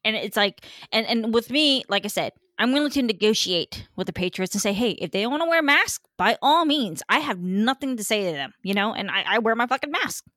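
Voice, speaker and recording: A woman's voice: on the high side, expressive, brisk, hardly any pauses, fairly bright tone, no room sound, studio quality. A woman hosting a podcast, chatting casually about politics in a rambling, profane way with many fillers. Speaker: podcast host.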